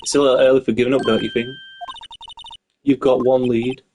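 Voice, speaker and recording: A man reading as a calm woman lawyer mentor. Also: mid-range voice, a little fast, noisy background, lightly acted. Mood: encouraging.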